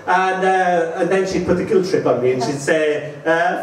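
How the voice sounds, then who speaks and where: An Irish man giving a live poetry reading, reciting slowly and measuredly, with wry anecdotes between the poems. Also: sits high. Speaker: poet. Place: live performance venue. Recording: roomy hall from far off.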